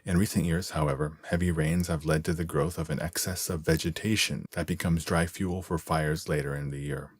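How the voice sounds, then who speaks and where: A man giving a measured, clear, scripted narration of an English-learning column. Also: rumbling low, steady tone, no echo.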